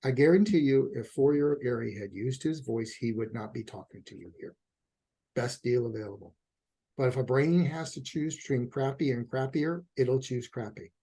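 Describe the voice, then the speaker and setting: Middle-aged therapist guy with a gravelly husky voice, dark tone, tells stories and acts out the quotes. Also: mid-range voice, normal speed. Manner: animated storyteller, acts out quotes. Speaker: couples therapist. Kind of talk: conversational interview answer.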